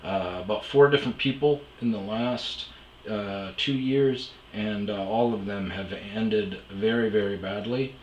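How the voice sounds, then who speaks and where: Speaking a little slowly in a fairly low, darkish voice, this Omaha-area man hosts a podcast and casually tells meandering, foul-mouthed stories full of fillers and tangents. The low-quality recording sounds roomy, with slight background noise.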